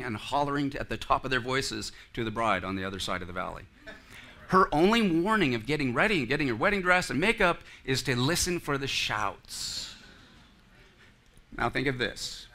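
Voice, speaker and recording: Bright-voiced preaching pastor. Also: male voice, medium pitch. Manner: earnest preaching with asides to the congregation. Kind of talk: sermon. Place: church sanctuary.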